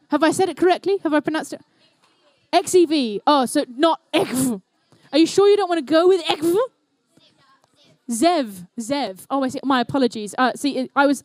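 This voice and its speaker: A woman's voice: high-pitched, darkish tone, dry recording. A young woman emceeing a robotics competition, giving live match commentary with playful, jokey asides. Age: young adult. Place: indoor robotics competition venue.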